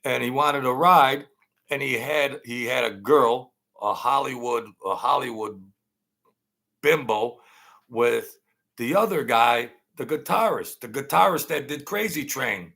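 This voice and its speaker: A man hosting his own channel, telling a long casual story in a rambling, halting way, full of fillers and restarts. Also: medium pitch, vocal fry, pushed and bright. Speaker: channel host telling stories.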